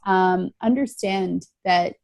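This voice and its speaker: Taking her time, a middle-aged woman tells her recovery story in an interview, her lowish voice gravelly and darkish in tone. She is reflective, earnest and emphatic, frequently repeating key phrases. The recording is dry.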